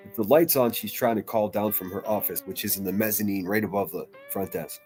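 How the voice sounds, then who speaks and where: Laid-back, low-voiced man streaming. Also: fairly quick, darkish tone, soft background music. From United States. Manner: loose and profane, rambling with restarts. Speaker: livestream host. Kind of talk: casual live-stream chat, reading comments aloud.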